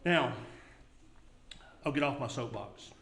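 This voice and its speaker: A man's voice: medium pitch, lively intonation, takes it slowly, a bit bright, slight background noise. A middle-aged man preaching a sermon in a church in an earnest, conversational way. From United States. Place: church sanctuary. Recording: echoey church room.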